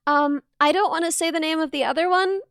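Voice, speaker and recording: In a casual stream, this young woman, a VTuber who is not Australian, reads her chat and talks with viewers, reacting with gasps and squeals and drifting into rambling tangents. She speaks fairly fast at an extremely high pitch, captured with clean studio sound and no room sound.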